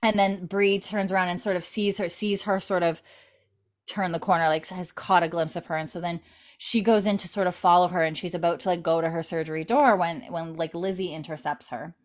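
A woman podcast host recaps a TV episode in casual chat. She talks in a chatty way with lots of fillers, and her voice sits on the lower side. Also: steady tone, fairly quick. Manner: chatty, many fillers, retells scenes.

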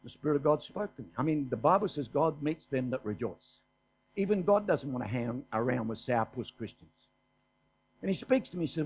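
A man's voice: on the high side, expressive, a little fast. An older man with an Australian accent, preaching a sermon in a folksy storytelling way, often asking "is that right?". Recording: dull, muffled sermon recording.

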